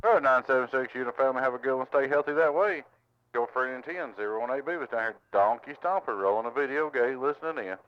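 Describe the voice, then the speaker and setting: Fast-talking man on CB radio. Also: mid-range voice, muffled recording. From Tennessee, US. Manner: friendly, repeats call signs and greetings in a drawl. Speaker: CB radio operator recording the channel. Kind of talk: casual CB radio chatter. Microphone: handheld radio microphone at home.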